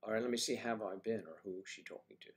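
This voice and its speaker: An older man hosts a relaxed morning livestream in a slightly low voice. He chats playfully and greets viewers by name as he reads their comments. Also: racing. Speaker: livestream host. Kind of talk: casual livestream chat reading viewer comments.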